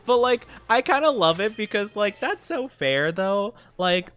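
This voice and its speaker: Male streamer, bright and animated, giggly casual chat over faint game music. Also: sits high, a little slow. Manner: giggly, chatty, reads chat aloud.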